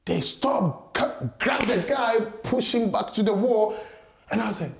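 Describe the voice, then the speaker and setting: A young man from Ghana with a Ghanaian accent, telling a story in a casual interview, animated and laughing often as he acts out voices. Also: high-pitched, measured pace, vocal fry, reverberant, slight background noise. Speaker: guest boxer.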